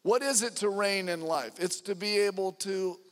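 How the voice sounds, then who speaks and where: A middle-aged man preaching a sermon as pastor, with fervent emphasis that rises loud on key lines. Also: high voice, normal speed. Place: church sanctuary. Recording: long hall reverb.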